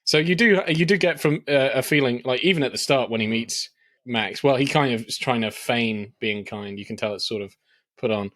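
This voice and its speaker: Animated man with lots of fillers. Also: mid-range voice, moderate pace, dry recording. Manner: animated, hesitant fillers, acts out quoted lines. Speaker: podcast co-host. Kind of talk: casual film discussion.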